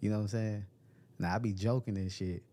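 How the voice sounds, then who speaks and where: A man's voice: lowish voice, steady tone, brisk, mellow. A man hosting a casual livestream, reading chat comments aloud, joking and laughing often, with loose slangy talk. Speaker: livestream host. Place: cold room at home.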